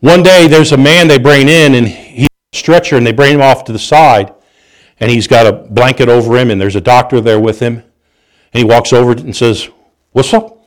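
A man preaching a sermon, telling stories with animated delivery, restarts and chuckles. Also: mid-range voice, normal speed.

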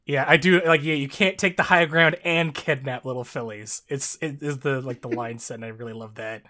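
A man's voice: mid-range voice, steady tone, a little fast. A man casually talking through a story on a podcast, with many fillers and frequent swearing. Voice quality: bright, lots of fillers and swearing, laughs often. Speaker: podcast co-host. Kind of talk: casual chat about a story.

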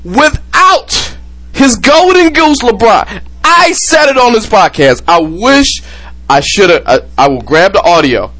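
This podcast host speaks unhurriedly in a high voice, whiskey at hand as he chats casually about sports. His delivery is animated and profane, a loose rant that keeps drifting into mimicry of others.

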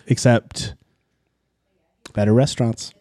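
A man's voice: medium pitch, fairly even intonation, slow, dark tone, dry recording, studio quality. A man co-hosting a podcast, blunt and given to crude jokes in casual chat. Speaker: podcast co-host.

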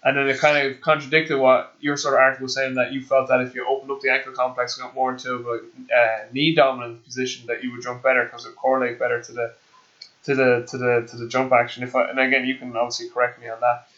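A man's voice: mid-range voice, flat delivery, fast talker, fairly bright tone, dull audio. A man from Ireland hosting a podcast, asking long questions with hesitant restarts. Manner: hesitant, repeats words when asking questions. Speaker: podcast host. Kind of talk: podcast interview.

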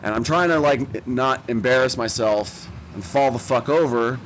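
A young man tells a story in loose, casual chat, swearing freely and poking fun at himself. His voice sits at an ordinary middle pitch. Faint background noise hums under the recording. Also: moderate pace, low-quality recording. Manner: profane, rambling, self-mocking.

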